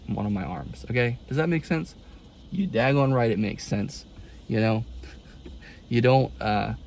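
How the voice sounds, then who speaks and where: Rambling, exasperated young man with a gravelly voice. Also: medium pitch, a little mellow, slight background noise. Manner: rambling and exasperated, folksy turns of phrase. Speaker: college student vlogger. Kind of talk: casual confession vlog.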